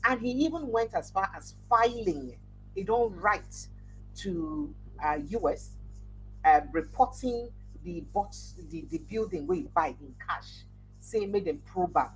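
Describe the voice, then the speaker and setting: A woman's voice: mid-range voice, unhurried. A Nigerian woman hosting a livestream news roundup, reading headlines and commenting in a chatty Pidgin-mixed way. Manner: chatty, animated, reads headlines then comments. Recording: noisy livestream audio.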